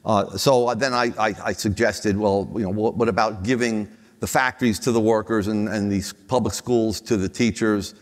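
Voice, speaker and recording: A man's voice: lowish voice, steady tone, moderate pace. An older man on a conference panel, telling anecdotes with frequent restarts and chuckles. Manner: rambling, many restarts, chuckles at own stories. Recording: long reverb of a hall.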